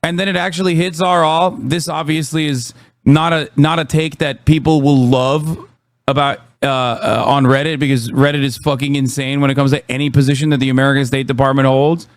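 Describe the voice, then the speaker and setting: A man's voice: mid-range voice, flat delivery, a little fast, no room sound. A man live-streaming, ranting about chat trolls in heated, profane, sarcastic commentary.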